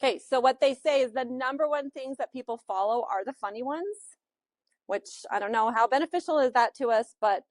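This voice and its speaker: A woman's voice: high-pitched, fairly quick, dry recording. A woman with a Utah accent teaching a social media class in a chatty, loose way with lots of fillers. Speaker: real estate social media instructor.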